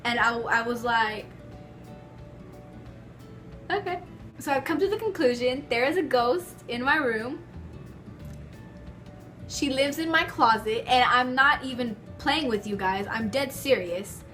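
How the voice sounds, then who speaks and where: Young woman, vlogger, high-pitched, casual storytelling, lots of "like", faint background music. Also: a little slow, long pauses. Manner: chatty, animated, many filler likes. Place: her bedroom at home.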